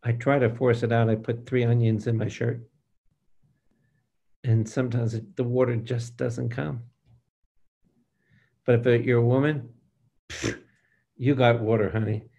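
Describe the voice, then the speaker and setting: An older male priest preaching a Bible study with a gravelly, creaky voice. He speaks slowly and with emphasis, putting questions straight to the room and calling for amens. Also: medium pitch, level tone, mellow. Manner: slow, emphatic preaching that speaks to the listeners directly and asks them for amens. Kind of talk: preaching to a live group.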